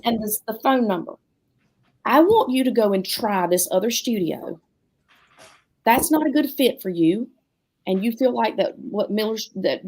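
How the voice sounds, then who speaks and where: Middle-aged woman, dance studio owner, chatty storyteller who acts out every quote. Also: mid-range voice. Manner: animated, acts out quotes in different voices. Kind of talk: casual storytelling chat.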